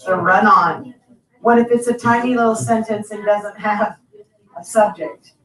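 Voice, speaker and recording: A woman teacher giving brisk, repeated instructions to her class. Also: mid-range voice, a bit bright. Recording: echoey classroom from far off.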